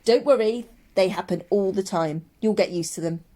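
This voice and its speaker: A woman voicing a young boy who is an eager, carefree imaginary friend, in a high, bouncy storybook voice. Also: normal speed, dark tone, natural voice. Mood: cheerful.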